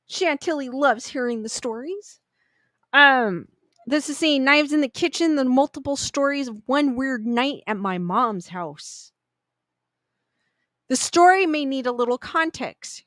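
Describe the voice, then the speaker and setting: A woman's voice: high voice, expressive, unhurried, fairly bright tone, no echo. A woman reading online ghost stories aloud in a casual, chatty way, with little asides. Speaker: story reader.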